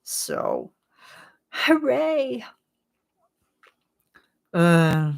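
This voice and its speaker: A woman's voice: on the low side, takes it slowly, pauses often. A woman hosting a casual chat vlog, rambling with lots of filler words and frequent laughs. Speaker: channel host.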